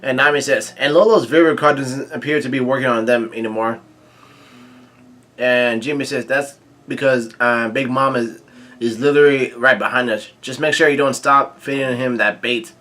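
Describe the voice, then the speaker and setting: A man casually reading a comic chapter aloud, quoting lines and adding his own quick asides. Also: mid-range voice, fairly even intonation, bright, forceful tone. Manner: reads quoted lines aloud with brief reactions and asides, many fillers. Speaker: manga reading commentator.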